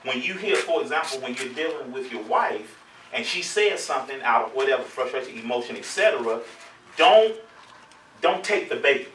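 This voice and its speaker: A man's voice: mid-range voice, animated, normal speed, a bit bright, roomy sound, far from the mic, a little hiss or hum, poor audio. A man hosting a show as a relationship coach, preaching playfully to his audience with call-and-response and laughter.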